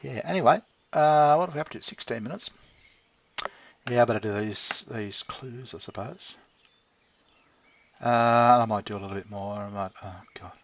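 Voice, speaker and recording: A man's voice: mid-range voice, normal speed, pauses often, a little hiss or hum. A middle-aged man rambling casually to his pet, swearing freely and chuckling often. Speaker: channel host talking to his pet. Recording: dull lo-fi recording.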